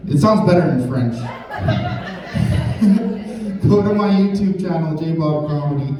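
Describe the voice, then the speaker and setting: A Canadian stand-up comedian performs a crude, rambling set full of swearing at a live show in a large indoor hall. His fairly high, mellow voice has lively intonation, moving slowly with long pauses. The echoey recording is captured from far off, with crowd noise and audience laughter.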